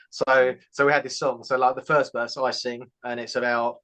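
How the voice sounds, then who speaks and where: A man in a band, chatting casually in an interview, rambling with many restarts. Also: mid-range voice. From England. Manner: rambling, restarts, fast and flat. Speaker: band member, karaoke host.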